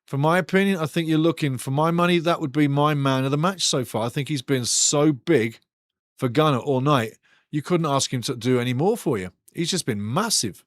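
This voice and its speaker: A slightly high-voiced man speaks briskly in clean studio sound with no room sound. Running a live football watch-along, he calls the game in real time, rambles casually, and banters with the chat.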